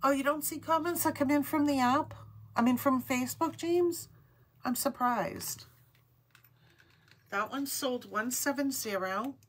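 A woman's voice: high-pitched, unhurried, long pauses. A woman hosting a live online jewelry sale, chatting upbeat and calling out item numbers. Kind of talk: live shopping stream chat.

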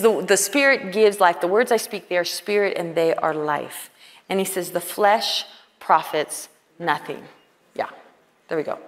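A woman preaching at a women's conference, earnest and conversational, often quoting dialogue. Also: medium pitch. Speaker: conference speaker. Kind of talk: sermon. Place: large conference hall. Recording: hall reverb.

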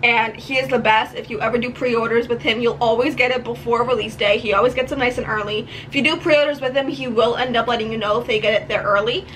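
A woman's voice: a little high, fairly even intonation, fast talker, hardly any pauses, a bit bright, slight background noise, rough recording. A young woman from New chatting casually in a book vlog at home, rambling and gushing with frequent laughs. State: tearful. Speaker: book vlogger. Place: home room.

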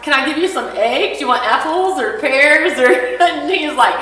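A woman with a bright, fairly high voice tells her church class a personal story in an animated, measured way, acting out every line of dialogue. She sounds distant from the microphone, and long reverb rings through the room.

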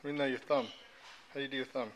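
A woman's voice: very deep voice, steady tone, very fast, a little hiss or hum, poor audio. A woman in a casual home video, prompting children with playful, coaxing questions. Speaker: adult filming and prompting children.

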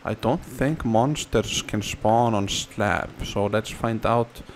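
A man casually commenting on his game, playful and sing-song, now and then squealing words in a high silly voice. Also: slow pace, a little hiss or hum. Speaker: gamer.

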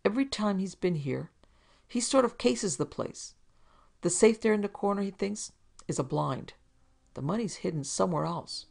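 A woman's voice: mid-range voice, lively intonation, normal speed, gravelly, a little mellow, voice pushed up. A woman voicing a wisecracking male detective who talks his way out of trouble in a breezy, bluffing manner. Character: wisecracking male detective's sidekick, quick-witted.

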